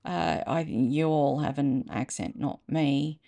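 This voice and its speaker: A woman's voice: low voice, slow, creaky, mellow. An Australian woman hosting a reading channel, chatting casually and thinking aloud in a self-mocking way. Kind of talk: casual chat to camera.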